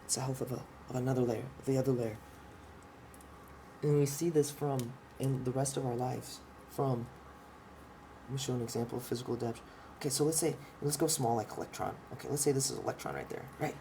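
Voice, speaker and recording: In a warm, gravelly mid-range voice with fairly even intonation, a man talks fast while vlogging about his ideas. His monologue is rambling, profane, and impassioned, with restarted sentences and pointing at a drawing, over a little hiss or hum.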